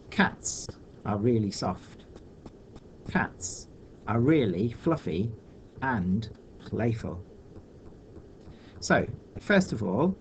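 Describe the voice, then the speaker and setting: A man's voice: medium pitch, gravelly, darkish tone, slight background noise. A man teaching a recorded video lesson for children, patiently talking through each step aloud.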